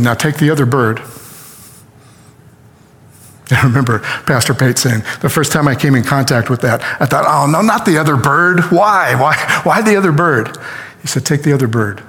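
A male pastor tells a story from the pulpit and jumps into the voices of its figures. His voice sits in a middle range and rings with the long reverb of a large hall. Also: mid-range voice. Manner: animated retelling with acted-out quotes. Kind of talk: storytelling sermon.

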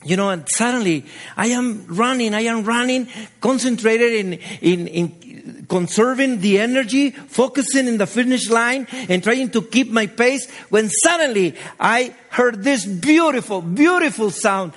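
A man's voice: very high voice, animated, a little slow. A middle-aged man whose first language is Spanish, preaching a sermon with passion and repeating his phrases as he builds to exhortation. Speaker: pastor.

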